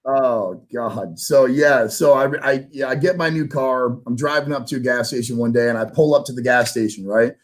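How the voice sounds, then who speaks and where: A man telling a story in a casual show conversation, animated, acting out the voices of the people in it. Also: mid-range voice, normal speed, hardly any pauses. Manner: animated, acts out voices in anecdotes, casual swearing. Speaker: guest storyteller.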